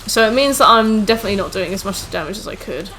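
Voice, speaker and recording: A woman's voice: medium pitch, expressive, quick pace, bright, forceful tone, slight background noise. A woman streaming a game from home on a headset mic, chatting with her viewers and fussing at her cats. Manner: chatty, talks to chat and scolds her cats between game remarks. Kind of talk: casual live-stream chat while gaming.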